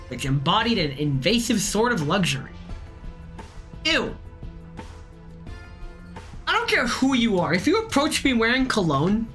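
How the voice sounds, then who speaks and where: A tipsy woman streamer with a bright, forceful voice and a lively pitch that jumps all over. She reads game text aloud between excitable, profane tangents, with faint game music behind her. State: tipsy from drinking. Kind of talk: live game-stream commentary and reading aloud.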